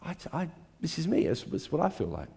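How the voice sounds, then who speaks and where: A man preaching a sermon to a church, dramatic and swinging between hushed, intimate lines and emphatic climbs. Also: on the high side, wildly swooping pitch, a little fast, vocal fry, breathy edge. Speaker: pastor.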